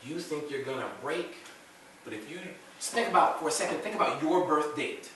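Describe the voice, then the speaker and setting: A man's voice: on the high side, brisk, a bit bright, slight background noise. A man leading a church group discussion, talking earnestly and repeating phrases for emphasis. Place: church room. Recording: echoey room, mic far off.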